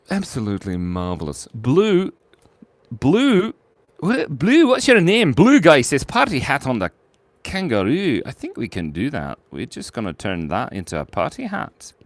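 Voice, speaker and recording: A man's voice: wildly swooping pitch, measured pace, dry recording. A man streaming live as he draws viewers' requests, playful and giggly, reading chat messages aloud. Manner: swoops from squeaky highs to low mumbles.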